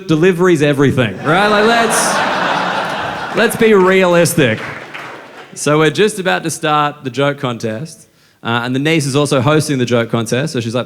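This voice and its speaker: Australian male stand-up, crude and deadpan, slightly high voice, live club noise and laughs behind. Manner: crude, deadpan storytelling with quick asides. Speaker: stand-up comedian. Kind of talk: stand-up set. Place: comedy club stage with audience.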